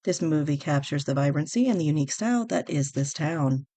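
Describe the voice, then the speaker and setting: A woman's voice: sits low, animated, fairly quick, dark tone, no echo. A woman hosting a podcast, talking in an earnest, semi-scripted way and reading on-screen text aloud. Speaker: podcast host. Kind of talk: casual scripted commentary.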